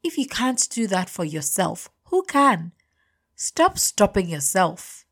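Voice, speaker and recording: A woman's voice: mid-range voice, very animated, takes it slowly, full character voice. A woman voicing a frank, insistent female friend. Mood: urging. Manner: insistent, scolding.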